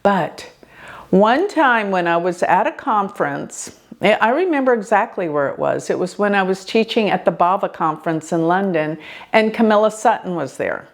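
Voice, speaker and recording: An older woman hosting an astrology show, telling a personal story in an earnest, expressive way. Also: medium pitch, moderate pace. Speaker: astrologer host.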